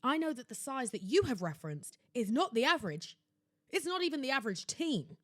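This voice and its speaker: A young woman hosts her own podcast and tells her story as a dramatic, sarcastic rant. Her voice sits fairly high and swoops all over the place as she exclaims. The sound is close and dry. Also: sing-song, a little fast, a bit bright, no room sound. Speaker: podcast host. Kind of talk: casual solo podcast rant. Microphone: laptop setup at home.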